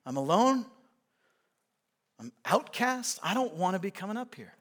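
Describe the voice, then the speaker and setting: A man's voice: high voice, very animated, measured pace, fairly bright tone, exaggerated voice. A tired, outcast woman, voiced by a male preacher. She pleads wearily and speaks earnestly, in a voice raised slightly from his own. It is a sermon retelling. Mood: weary pleading. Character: weary outcast Samaritan woman, adult.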